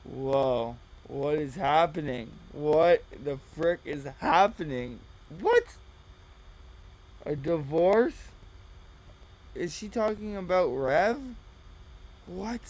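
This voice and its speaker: A man's voice: fairly high pitch, expressive, takes it slowly, rough recording. A man giving mocking reaction commentary, sarcastic and exasperated.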